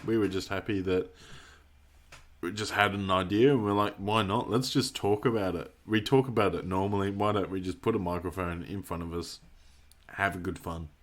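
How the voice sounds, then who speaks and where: A man co-hosts a casual podcast in a slightly low voice. He is laid-back and mostly answers in short replies. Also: fairly even intonation, moderate pace. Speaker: podcast co-host. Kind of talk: casual chat.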